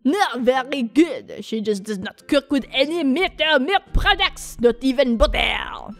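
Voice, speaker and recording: A woman voicing an eccentric young male art student with a put-on French accent, slow and theatrical. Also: high voice, animated, faint music behind.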